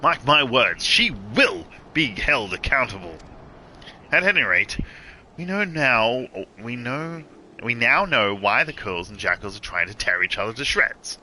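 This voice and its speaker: A man voicing a stern, dutiful guard officer in a formal, measured way. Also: medium pitch, very animated, bright, forceful tone, a little hiss or hum, heavily acted, poor audio. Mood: grave. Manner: formal, measured reading of quest dialogue.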